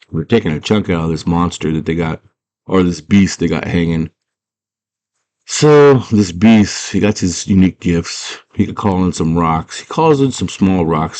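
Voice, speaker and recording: A man's voice: low-pitched, darkish tone. A man casually retelling a movie plot, rambling and slangy with lots of fillers. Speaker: movie fan.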